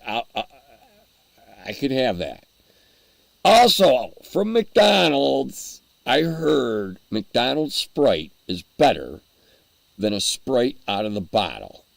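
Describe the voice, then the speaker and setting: Gravelly, slow-talking man chatting on a livestream. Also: on the high side, big pitch swings, no room sound. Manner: rambling, chuckling, answering chat. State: eating while talking. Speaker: livestream host. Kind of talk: casual livestream chat with viewers.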